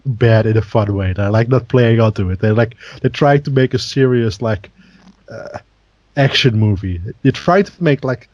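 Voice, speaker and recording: A man's voice: mid-range voice, darkish tone, no room sound, highs cut off. A man co-hosting a podcast in casual chat, rambling with many fillers and laughing often. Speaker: podcast co-host.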